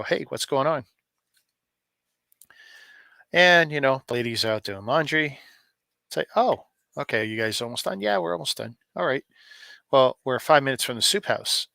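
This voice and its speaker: Middle-aged man from Canada, joking streamer, bright forward tone, dry close sound. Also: medium pitch, vocal fry, no echo. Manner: rambling, joking, chats to viewers by name. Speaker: live streamer opening advent calendars. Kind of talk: casual live-stream chat.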